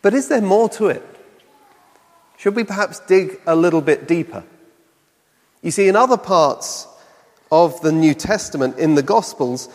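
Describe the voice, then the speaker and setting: A man's voice: fairly high pitch, long reverb tail. A man preaching a sermon in a conversational way, often putting rhetorical questions to the listeners.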